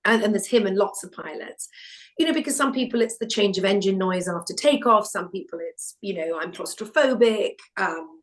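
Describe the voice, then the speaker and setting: A middle-aged woman from England, a guest in a casual chat, telling stories with animated quoted voices. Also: medium pitch, brisk. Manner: animated storytelling, acts out quotes. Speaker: podcast guest, broadcaster.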